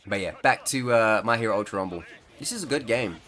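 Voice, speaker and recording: A man's voice: lowish voice, animated, quick pace, pushed and bright. A man chatting casually over gameplay as a gaming creator, rambling and laughing mid-sentence.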